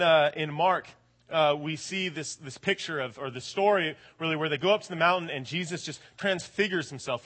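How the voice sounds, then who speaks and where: A man in his late twenties preaching a sermon in an animated, colloquial way, often checking in with the audience. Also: a little high. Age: late 20s. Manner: animated, colloquial, keeps asking "right?".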